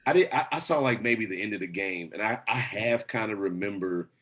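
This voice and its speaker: A man's voice: on the low side, brisk, a bit bright. A man co-hosting a podcast in casual chat, rambling and repeating himself, swearing freely. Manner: rambling, repeats words, lots of profanity. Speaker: podcast co-host.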